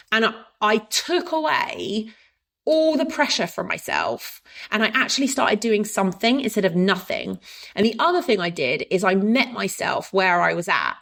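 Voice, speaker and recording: A woman's voice: mid-range voice, sing-song, normal speed, vocal fry, a bit bright. A woman, a fitness coach hosting a podcast, telling her own story in a candid, casual way and swearing now and then. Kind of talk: personal storytelling monologue.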